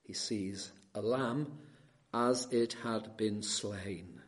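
A man preaching an expository sermon, swinging between soft and loud emphasis and slowing down to stress key words, with questions put to the listeners. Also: fairly low pitch.

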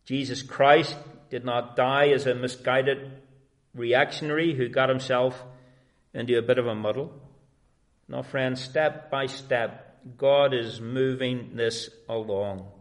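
A man's voice: medium pitch, fairly even intonation, takes it slowly. A man preaching a sermon in an earnest, emphatic way.

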